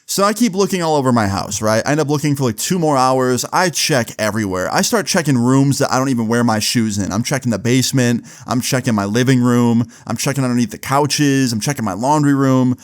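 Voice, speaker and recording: A man's voice: medium pitch, fairly quick, hardly any pauses. A young man casually telling a personal story in a slangy, laid-back way, full of "like" and "bro".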